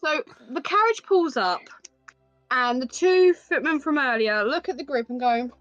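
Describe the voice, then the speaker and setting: High, lively woman game master. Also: moderate pace, dull audio, soft background music. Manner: descriptive, storytelling. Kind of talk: narrating a tabletop game.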